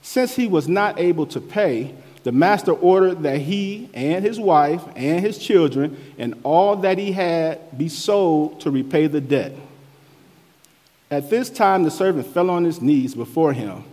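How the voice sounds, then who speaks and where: A man's voice: animated, measured pace, dark tone. A man preaching a sermon as pastor, swelling and dropping his voice as he reads scripture and explains it. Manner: rises and falls in pitch and force, preaching cadence. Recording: long hall reverb.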